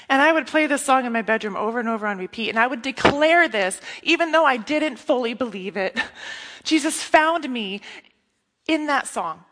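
Woman preacher, earnest and intimate sermon delivery, slightly high voice, echoing church hall. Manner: earnest, soft and intimate, often dropping to a hush. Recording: long reverb of a hall.

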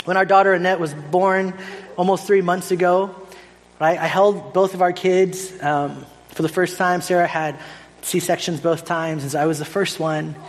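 A man in his thirties preaching a sermon in a conversational, animated way, often asking "right?". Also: sits high, big-room sound, poor audio. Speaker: pastor.

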